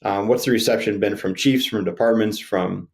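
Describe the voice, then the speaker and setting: A male host with a fairly low voice who chats casually and tells stories with animation and humor. He jumps in quickly and keeps the talk moving. His tone stays relaxed and conversational. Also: creaky. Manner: animated storyteller, jokey. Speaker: podcast host. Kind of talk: casual chat and anecdote.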